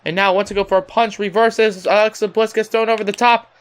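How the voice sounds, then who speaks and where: Excitable high-voiced man calling a wrestling game. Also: brisk, clear, resonant tone. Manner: excitable, laughs often, calls the audience ladies and gentlemen. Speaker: gameplay commentator. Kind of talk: play-by-play wrestling game commentary.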